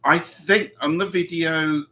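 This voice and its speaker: A man's voice: fairly high pitch, fairly even intonation, slow, bright, forceful tone. A man with a Southern English accent hosting a casual live-stream chat, reading out viewer comments and laughing often. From England. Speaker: host.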